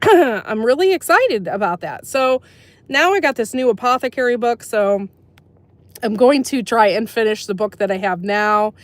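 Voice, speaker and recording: Chatty woman vlogging, higher voice. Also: lively intonation, moderate pace, no room sound. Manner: chatty, rambling with fillers. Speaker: farm channel host. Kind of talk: casual vlog talk.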